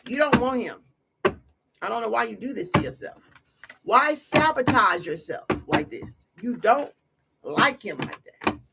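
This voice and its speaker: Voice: mid-range voice, animated, a little slow, gravelly, long pauses. A tarot reader hosting a casual livestream, talking in a blunt, slangy, scolding way. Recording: noisy livestream audio.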